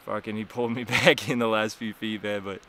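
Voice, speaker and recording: A man's voice: lowish voice, flat delivery, a little fast, background noise. A young man vlogging outdoors by a river, rambling and swearing as he recounts nearly drowning, worn out and chilled. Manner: rambling, profane, shaken and weak after nearly drowning. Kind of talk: casual vlog recap. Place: outdoors by a cold river and waterfall.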